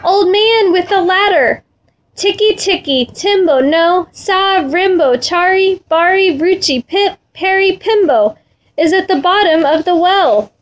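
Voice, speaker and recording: Woman voicing a small boy, high and breathless, pleading, unhurried storybook reading. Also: dull audio. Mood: desperate. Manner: breathless, panting, stumbling over a long name.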